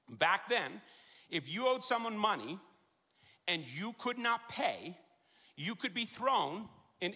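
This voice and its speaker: A middle-aged man preaching a sermon in a large church, joking and then driving points home with loud emphasis. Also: sits high, slightly rough. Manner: animated, jokey preaching with sudden loud emphasis. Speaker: pastor. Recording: long hall reverb.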